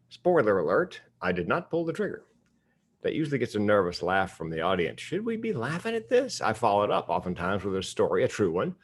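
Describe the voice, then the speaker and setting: A man's voice: deep voice, a little hiss or hum. An older man giving a humorous keynote speech, telling stories candidly with self-deprecating humor. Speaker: keynote speaker.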